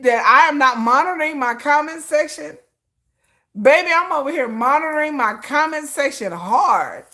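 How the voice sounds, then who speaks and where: Brash, high, bright-voiced woman ranting. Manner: animated and brash, acts out her own comebacks with big pitch jumps, curses freely. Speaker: content creator hosting a live stream. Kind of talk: casual ranting chat to viewers.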